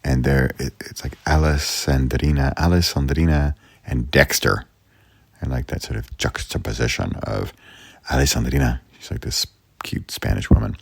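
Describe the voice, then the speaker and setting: A man's voice: very deep voice, normal speed, gravelly, husky, no echo. A man hosting his own podcast, talking alone in a rambling, chatty way, often interrupting and teasing himself. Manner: playful and self-mocking. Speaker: podcast host. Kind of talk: casual solo podcast monologue.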